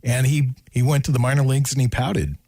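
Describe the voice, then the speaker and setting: A man's voice: medium pitch, steady tone, fairly quick, warm tone, no echo. A man co-hosting a sports radio show, talking casually and rambling as he thinks aloud. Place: radio studio.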